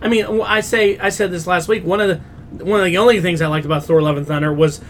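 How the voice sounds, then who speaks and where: A fairly high-voiced man rants with energy, opinionated and casual, swearing as he goes. A faint low rumble sits under the recording. He sounds like a regular co-host in an easygoing chat. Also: steady tone, fast. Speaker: podcast co-host. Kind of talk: casual pop culture chat.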